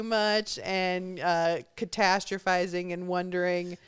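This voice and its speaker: A woman's voice: fairly low pitch, fairly even intonation, unhurried, hardly any pauses. A woman hosting a podcast in easy, unguarded conversation. She talks about herself frankly and with self-deprecating humor, swearing casually and laughing now and then. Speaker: podcast host.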